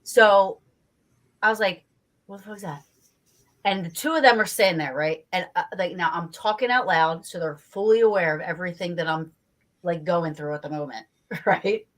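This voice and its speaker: A New Jersey woman with a slightly low voice, a guest investigator, shares a story during a casual interview at normal speed. She's lively, swears freely, and dramatizes her own reactions.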